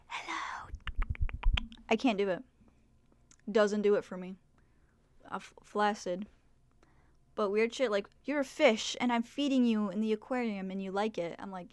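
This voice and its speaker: A young woman streaming live, chatting casually to her viewers in a rambling, self-deprecating way, filling her talk with "like" and quick asides to chat. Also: mid-range voice, no room sound.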